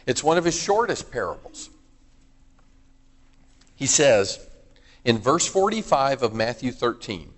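A male preacher delivers a sermon in an easygoing but emphatic manner, asking his listeners questions and pressing his points home. His voice sits at an ordinary male pitch. It carries a long reverb from a large hall. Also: sing-song, unhurried, long pauses. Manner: conversational, emphatic, asks the audience questions.

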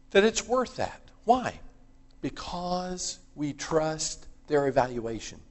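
Emphatic preacher in a reverberant hall. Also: male voice, a little high. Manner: conversational, emphatic, asks the audience questions. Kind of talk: sermon.

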